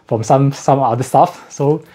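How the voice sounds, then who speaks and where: A man's voice: medium pitch, measured pace, dark tone, breathy edge. A man reviewing audio gear in a casual unboxing walkthrough, slightly out of breath, explaining technical details methodically and correcting himself as he goes.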